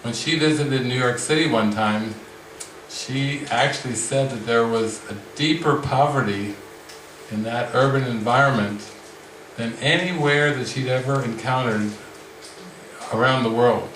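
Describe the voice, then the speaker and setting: A man leading a spiritual retreat discussion, speaking slowly and reflectively with frequent restarts. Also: mid-range voice, fairly bright tone, slight background noise. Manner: slow, reflective, many restarts. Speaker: spiritual teacher. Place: retreat room with a group. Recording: roomy sound from the mic's distance.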